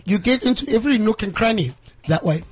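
A man's voice: high voice, animated, quick pace, background noise. A male radio co-host teasing crudely and laughing a lot.

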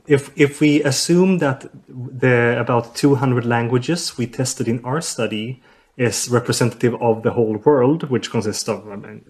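A man's voice: mid-range voice, a little mellow. Hesitant man explaining. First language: Swedish. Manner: hesitant, many uh fillers and restarts. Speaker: language researcher, guest. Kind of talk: explaining in an interview.

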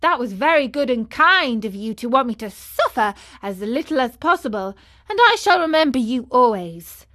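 A woman's voice: a little high, sing-song, normal speed, sharp tone. A woman voicing a cheeky, cheerful wooden puppet boy in a storybook reading, teasing and playful. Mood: chatty. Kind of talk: audiobook character reading.

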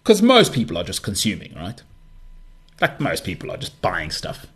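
A man's voice: sits low, wildly swooping pitch, moderate pace. A man hosting his podcast in a casual solo monologue, rambling and self-deprecating, with frequent restarts. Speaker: podcast host.

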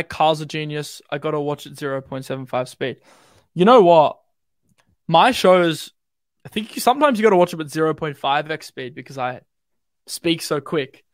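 A young man with an Australian accent talks quickly and loosely on a live stream, full of fillers and slang. His voice sits a bit high. The sound is dry and close, with no room around it. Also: dry recording. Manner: relaxed, rambling, quick and slangy with many fillers. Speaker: crypto streamer. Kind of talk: casual live-stream chat and chart commentary.

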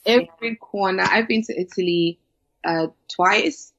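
A woman's voice: mid-range voice, unhurried, a bit bright. A woman in casual chat, talking with emphatic enthusiasm and telling travel stories. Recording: dull lo-fi sound.

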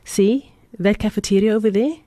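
A woman voicing a calm, kind well-off lady who speaks gently and patiently. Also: mid-range voice, normal speed, no echo, studio quality, voice pushed up, lightly acted.

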